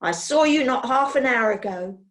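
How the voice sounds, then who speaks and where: A woman's voice: fairly high pitch, animated, moderate pace, fairly bright tone. A woman reading a storybook aloud, voicing a scheming, pompous middle-aged male furrier who blusters indignantly. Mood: insistent.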